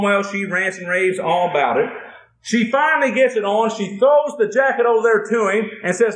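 A man's voice: high-pitched, animated, normal speed, a bit bright, echoey room, low-quality recording. A man preaching a folksy sermon, telling a homespun story and acting out a husband and wife. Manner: homespun, drawling storyteller acting out both spouses. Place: church building.

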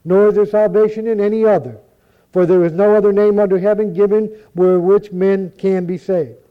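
A man reciting scripture in a measured, solemn way, with the odd stumble over a word. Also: high-pitched, steady tone, clean tone. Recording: dull lo-fi recording.

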